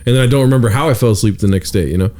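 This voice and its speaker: A man's voice: medium pitch, rapid-fire. A young man hosting a casual podcast, telling stories animatedly with plenty of swearing and mock-quoting people. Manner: animated, profane, storytelling with mock quotes. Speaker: podcast host.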